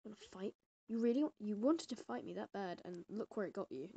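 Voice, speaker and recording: A woman giving casual gameplay commentary, excitable and prone to loud exclamations, with quiet muttered asides. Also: medium pitch, fairly quick, slightly rough, no echo, muffled recording. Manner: excitable, bursts into exclamations and laughs. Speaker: gamer.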